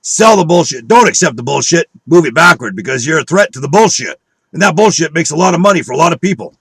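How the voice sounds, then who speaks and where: A man's voice: a little high, expressive, fast, a bit bright, husky, no room sound. A man delivering a profane, combative rant at his viewers, scornful and preaching, with a dry close recording. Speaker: online video speaker. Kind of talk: angry conspiracy rant.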